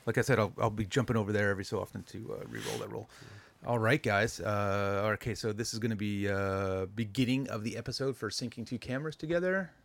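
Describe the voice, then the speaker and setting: A man's voice: fairly low pitch, quick pace. A man hosting a podcast in a loose, joking way, with lots of fillers. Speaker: podcast host. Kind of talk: casual podcast chat.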